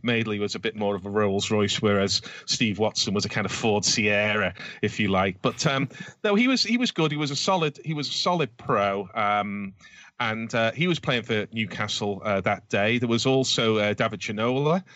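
A man's voice: lowish voice, expressive, moderate pace, fairly bright tone, no room sound. A man co-hosting a casual football podcast, talking at length with frequent ums and restarts. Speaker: podcast co-host.

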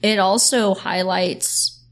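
A woman hosting a podcast, talking earnestly in quick bursts with lots of "like" and "you know" fillers. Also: medium pitch, fairly even intonation. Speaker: podcast host. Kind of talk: casual podcast discussion.

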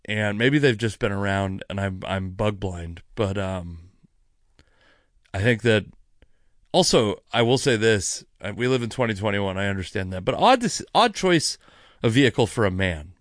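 A man hosting a podcast, telling a rambling story in a casual, animated way, cursing freely, with many asides, while sipping wine. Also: lowish voice, moderate pace, no echo, clean studio sound. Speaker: podcast host.

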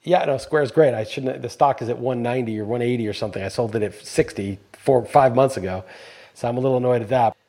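Husky-voiced man ranting bluntly. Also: mid-range voice, quick pace, mellow. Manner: blunt and profane, building into heated rants. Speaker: podcast co-host. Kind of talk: casual opinion chat.

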